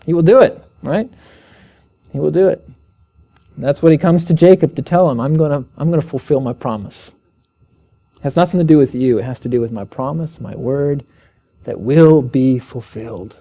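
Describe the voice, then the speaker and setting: A man's voice: moderate pace, long pauses, dull audio. A man preaching an evening Bible teaching, speaking earnestly and asking his listeners questions as he reads scripture aloud. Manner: earnest, asks the listeners questions, raises pitch when reading scripture aloud.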